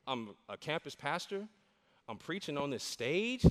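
A man preaching a sermon as a campus pastor, animated and repeating his key lines for emphasis. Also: on the high side, measured pace. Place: church stage. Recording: long hall reverb in a church.

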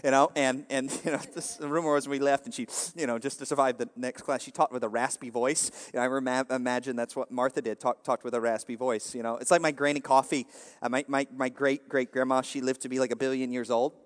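A man's voice: medium pitch, flat delivery, fast, long reverb tail. A man preaching a casual, joking sermon, rambling with constant fillers and asides to the crowd. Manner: rambling, jokey, full of "you know" fillers.

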